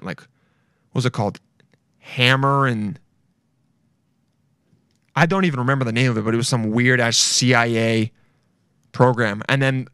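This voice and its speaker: Bright-voiced young man ranting casually. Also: mid-range voice, smooth, no room sound, clean studio sound. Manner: rambling, swearing, often laughing mid-sentence. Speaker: podcast host. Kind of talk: casual solo podcast rant.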